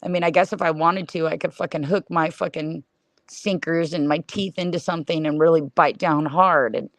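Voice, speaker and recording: A middle-aged woman rants on a livestream, blunt and scornful, swearing in nearly every sentence. Her voice sits a little low for a woman. The sound is dry and close, with no room echo. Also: steady tone, moderate pace. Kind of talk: profane livestream rant.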